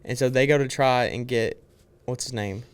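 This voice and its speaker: A young man chats on a casual movie podcast, hurrying through a plot recap full of "and then" and little quoted bits. His voice is smooth and clear, sitting at an ordinary middle pitch. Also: moderate pace. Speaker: podcast co-host.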